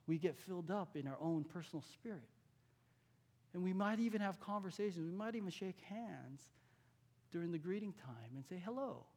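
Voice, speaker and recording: A pastor from California speaks in a high voice with lively intonation at a moderate pace. His sermon feels like conversation, full of questions to listeners and hushed moments for key points.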